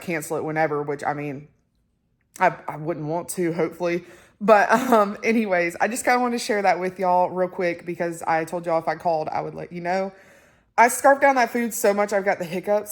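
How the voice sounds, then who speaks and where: A young woman, chatting casually to camera, excitable and full of fillers. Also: medium pitch. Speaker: vlogger.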